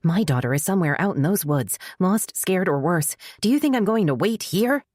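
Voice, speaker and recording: A woman voicing a frantic middle-aged mother who grows shrill with worry. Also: moderate pace, darkish tone, no room sound, clean studio sound, close to an everyday voice. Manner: high, strained and shrill.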